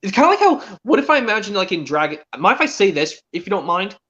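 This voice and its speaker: A man's voice: high-pitched, big pitch swings, fast talker, pushed and bright, muffled recording. A teenage boy streaming a casual chat, rambling with many restarts as he retells cartoon scenes. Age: teens. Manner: rambling, restarts often, quotes characters.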